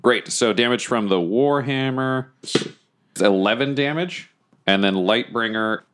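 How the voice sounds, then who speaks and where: A man's voice: medium pitch, a little slow, noisy background. A man playing in a tabletop game, casually and playfully describing his character's actions and calling out his rolls. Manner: animated and playful, declaring actions and dice rolls. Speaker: player.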